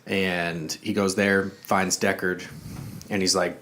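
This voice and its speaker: A man's voice: low-pitched, level tone, normal speed, a bit bright, slight background noise. A man co-hosting a casual movie review podcast, retelling the plot loosely with fillers and quoted asides. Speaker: podcast co-host.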